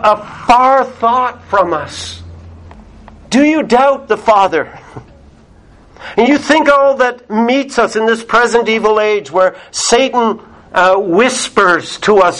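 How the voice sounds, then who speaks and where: A man's voice: high-pitched, a bit bright, low-quality recording. A man preaching a sermon, earnest, with rising and falling emphasis and repeated words.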